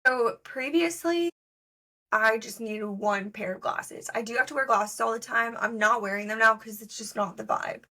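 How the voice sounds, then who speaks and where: In casual podcast chat, a young woman co-host tells stories loosely, leaning on lots of fillers. She talks at normal speed with a fairly high pitch and a bright, forceful tone.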